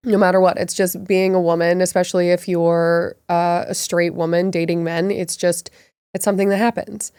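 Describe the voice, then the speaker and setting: A woman's voice: fairly low pitch, flat delivery, moderate pace, a little mellow, smooth, dry recording, studio quality. A woman co-hosting a podcast, speaking reflectively and casually with many "like" fillers. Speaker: podcast co-host. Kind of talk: casual conversational storytelling.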